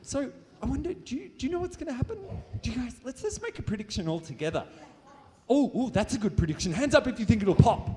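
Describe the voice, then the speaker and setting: Lively Australian man in a reverberant hall. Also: very high voice, fast, slight background noise. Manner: playful, animated, jokey, talking to a volunteer and crowd. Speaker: science show presenter. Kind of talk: live science demonstration for an audience. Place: stage in a large hall with an audience.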